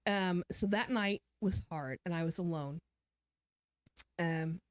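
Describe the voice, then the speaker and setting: A woman's voice: lowish voice, slow, no echo, studio quality. A woman guest author telling a personal story in an interview, candid and somber, often quoting what others said.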